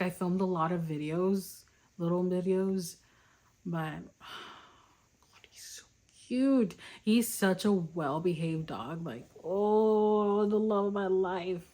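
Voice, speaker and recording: A woman's voice: medium pitch, darkish tone. A young woman chatting casually in a reading vlog, gushing and easily delighted. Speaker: book vlogger.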